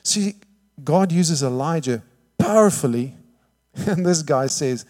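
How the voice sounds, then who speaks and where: A man preaching a sermon, telling the story lively, acting out the quotes and often asking "all right?". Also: medium pitch, takes it slowly. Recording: long hall reverb.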